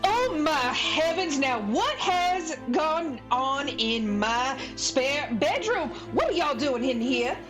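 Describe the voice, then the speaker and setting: A woman voicing a stern, angry middle-aged homeowner, scolding in a shrill voice, over background music. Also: big pitch swings, takes it slowly, few pauses, exaggerated voice.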